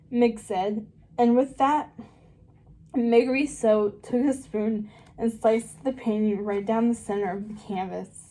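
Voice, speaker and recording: A woman reads a children's novel aloud at a slow, careful pace, now and then stumbling and starting a word over. Her voice is mellow and fairly high. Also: low-quality recording. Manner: slow and careful, with small slips and restarts. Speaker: reader.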